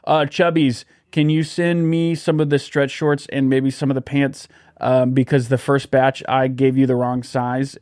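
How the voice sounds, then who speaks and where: A man co-hosting a podcast, reading ads and telling lively stories while acting out what people said. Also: mid-range voice, a little slow, smooth. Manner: animated storyteller, acts out quotes. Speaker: podcast co-host. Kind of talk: casual podcast chat and ad read.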